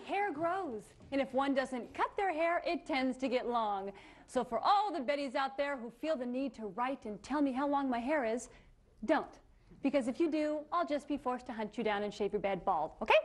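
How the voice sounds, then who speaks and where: A woman's voice: high voice, a little hiss or hum. A woman playing a vain, rude female talk show host in a comedy sketch, snide and condescending.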